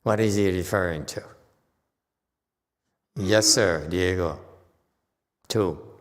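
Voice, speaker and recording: A man giving an unhurried dharma lecture as a Buddhist teacher, often pausing to check in with his listeners. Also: low voice. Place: temple hall. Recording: long hall reverb.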